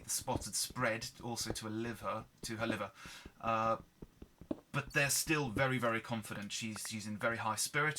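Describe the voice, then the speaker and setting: A man speaking in his normal voice, quiet and candid while commenting on gameplay. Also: mid-range voice, a little hiss or hum. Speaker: gaming video host.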